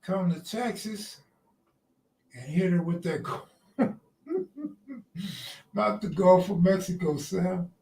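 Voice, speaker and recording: Outdoors near the ocean, a man with a slightly high voice hosts a casual live stream, trading loose, joking banter with his chat. He sounds distant with a roomy echo, speaking slowly and mellowly, with a creaky voice and long pauses.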